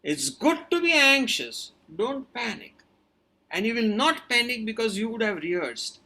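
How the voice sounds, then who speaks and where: Bright, high-voiced man giving earnest advice. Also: sing-song, a little slow. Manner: earnest, advising, repeats key points. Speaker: doctor answering webinar questions. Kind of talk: webinar talk with audience questions.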